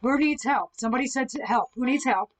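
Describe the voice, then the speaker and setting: A woman hosting a live ghost hunting session, calmly asking the spirits questions from indoors at someone else's home. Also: sits high, quick pace, low-quality recording. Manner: calm, coaxing questions to spirits. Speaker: ghost hunter host.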